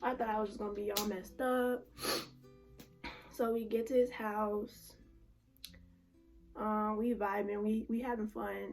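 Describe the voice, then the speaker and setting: A woman's voice: mid-range voice, gravelly. A young woman vlogger telling a personal story in a casual, emotional, slangy way with lots of fillers. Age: young adult.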